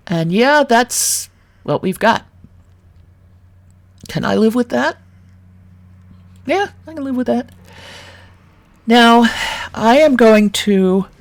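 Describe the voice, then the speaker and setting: A woman's voice: fairly high pitch, gravelly. A woman from Brooklyn giving a casual screen-share tutorial on 3D modeling, thinking aloud with wry, self-mocking asides. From Brooklyn, New York.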